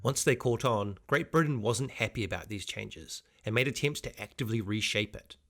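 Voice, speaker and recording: A man with a New Zealand accent narrates an explainer in a steady, clear scripted delivery. His voice sits fairly low, with soft music faintly underneath. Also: normal speed.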